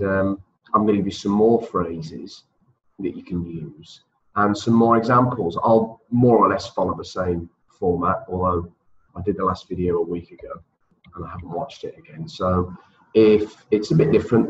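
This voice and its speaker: A man's voice: sits low, steady tone, moderate pace, reverberant, dull audio, a little hiss or hum. A man teaching an exam-prep English lesson, patiently drilling words for students to repeat.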